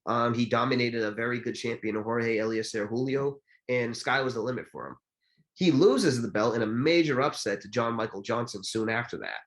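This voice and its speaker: A man co-hosting a podcast, telling boxing stories in a casual, animated way with lots of fillers. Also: mid-range voice, a little fast, low-quality recording. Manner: animated storytelling with many fillers. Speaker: podcast co-host. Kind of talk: casual chat about boxing history.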